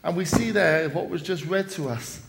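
A man's voice: a little high, normal speed, vocal fry. A man giving an evening sermon at a church service, retelling a story with dramatic rises and falls and quoted lines. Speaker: preacher.

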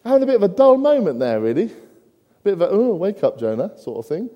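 A man's voice: high voice, sing-song, fast talker, warm tone, dull audio. A man preaching a sermon in a church, mixing humorous asides with rhetorical questions to the congregation. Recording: long church reverb.

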